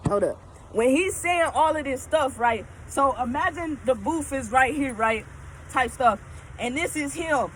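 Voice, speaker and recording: A woman telling a casual storytime, animated and emphatic, often checking in with her listeners. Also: sits high, a little slow, slight background noise, low-quality recording.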